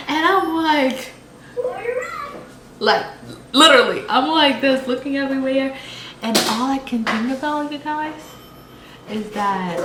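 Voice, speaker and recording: Emotional woman vlogger in an echoey room. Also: fairly high pitch. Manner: emotional, rambling retelling with many fillers and restarts. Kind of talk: casual personal storytelling. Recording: echoey room with background noise.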